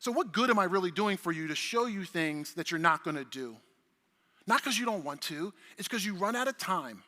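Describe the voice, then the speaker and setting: A middle-aged man giving an energetic keynote talk at a conference, animated, casual and profane, bantering with the crowd. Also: sits high, brisk. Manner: animated, profane, chatty with the audience. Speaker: conference speaker. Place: large conference hall stage. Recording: long reverb of a large conference hall.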